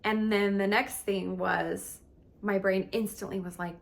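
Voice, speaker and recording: A woman's voice: mid-range voice, steady tone, a little slow, gravelly, slight background noise. A woman coach telling a personal story in a candid, emotional, casual way, with lots of filler words. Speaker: relationship and meditation coach.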